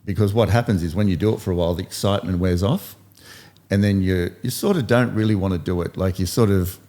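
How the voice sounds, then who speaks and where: A man's voice: sits low, a little fast, mellow. A man in his fifties hosting a podcast, coaching and telling stories in casual motivational chat, repeating points for emphasis. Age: 50s. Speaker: podcast host.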